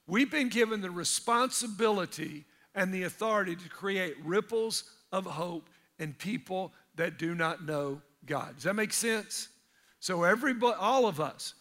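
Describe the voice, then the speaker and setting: A male pastor, preaching energetically in church and breaking into shouted asides. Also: high-pitched, animated, moderate pace. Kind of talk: sermon.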